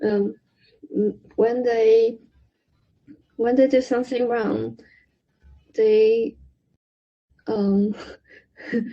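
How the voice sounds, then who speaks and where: A woman learning a language, talking haltingly with many restarts and fillers over a video call. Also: a little high, fairly even intonation, lo-fi sound. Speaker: language student. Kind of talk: halting spoken practice.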